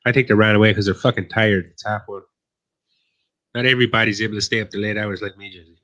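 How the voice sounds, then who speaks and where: A man's voice: fairly low pitch, fairly even intonation, quick pace, bright, forceful tone. An Irish man co-hosting a live stream, rambling and teasing in casual, profane banter. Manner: teasing, rambling, swears often. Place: live online stream panel.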